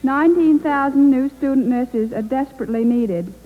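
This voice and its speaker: A woman's voice: sits high, moderate pace. A woman, a student nurse, reading a formal, earnest public appeal on an old radio broadcast. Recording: thin, phone-like old broadcast.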